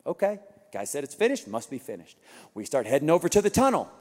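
A man pastor telling a lively story in an Easter sermon, acting out voices and laughing along with the crowd. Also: on the high side, fast. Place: large church auditorium. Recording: long reverb of a large hall.

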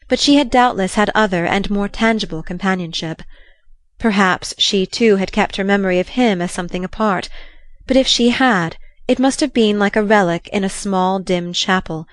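A woman narrates a classic novel as an audiobook in a measured, even storytelling manner. Her voice sits at a middling pitch, and the recording is dry and close with no room sound. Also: no room sound.

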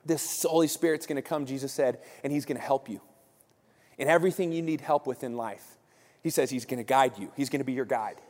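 A man voicing a calm, assured male teacher who speaks in a quieter, reassuring way. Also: medium pitch, fairly quick, pitched below the performer's own voice, natural voice. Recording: long church-hall reverb.

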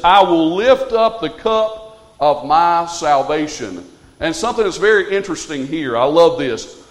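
Preacher guy, pretty high voice, earnest then fired up, church echo trailing off. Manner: earnest, building to fervent exhortation. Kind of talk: sermon.

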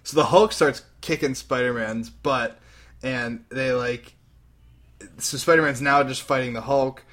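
A young man casually retelling a comic book story on a podcast, animated and slipping into character voices. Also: mid-range voice, a little slow. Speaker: podcast host recapping a comic. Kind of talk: casual chat.

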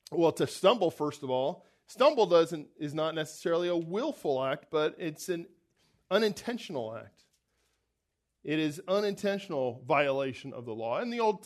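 A man preaching an expository sermon, explaining scripture step by step in an earnest, emphatic way. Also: fairly high pitch. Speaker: pastor.

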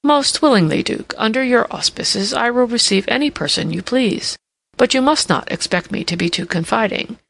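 A woman's voice: fairly high pitch, normal speed, creaky, voice pushed up, heavily acted. A woman voicing a jovial, teasing old king. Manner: lively, mocking, fond of puns and learned quips. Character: elderly male king, jovial, teasing, self-assured.

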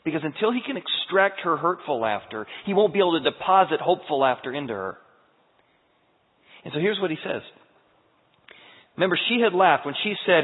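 A man preaching a sermon as pastor, moving between loud emphatic peaks and hushed, tender passages. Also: on the high side, lively intonation, brisk, slightly rough. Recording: tinny, echoey church hall recording.

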